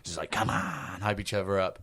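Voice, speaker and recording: A young man talks in a relaxed, self-mocking way, tossing in loose fillers as he goes. His voice sits low. The sound is close and dry, with no room around it. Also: a little fast, no room sound. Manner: laid-back, self-mocking, lots of fillers. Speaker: podcast guest, bassist. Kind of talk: casual podcast chat.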